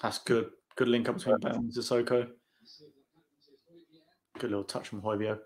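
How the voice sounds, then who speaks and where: A man's voice: mid-range voice, normal speed. A man hosting a live football watch-along, chatting and calling out the play as it happens. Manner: excitable, calls out play as it happens. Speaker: channel host.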